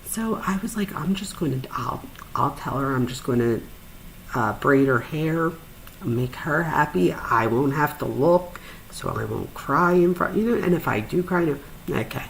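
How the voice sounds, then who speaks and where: Woman, low voice, gravelly fry, animated storytelling, chatty fillers, podcast host. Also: measured pace, slight background noise, rough recording.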